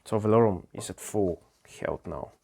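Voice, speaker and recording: A man's voice: lowish voice, vocal fry, a little mellow, slight background noise. A man narrating his own solo tabletop adventure, describing dice rolls and actions with frequent restarts. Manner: unhurried, halting narration. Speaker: solo game player and narrator.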